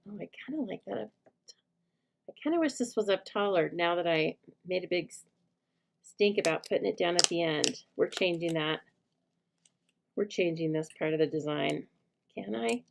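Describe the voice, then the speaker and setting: Brief: middle-aged woman host, low gravelly voice, casual step-by-step craft teaching. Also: a little slow, slight background noise. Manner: chatty, teaching step by step, breaks off to talk to her dog. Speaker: host of live stamping show. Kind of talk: live crafting demonstration.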